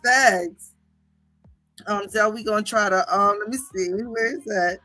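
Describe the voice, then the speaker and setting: A woman's voice: mid-range voice, measured pace, soft background music, rough recording. A woman hosting a livestream, telling a story to her chat casually, laughing often and swearing freely. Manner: laughing, profane, animated. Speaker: livestream host.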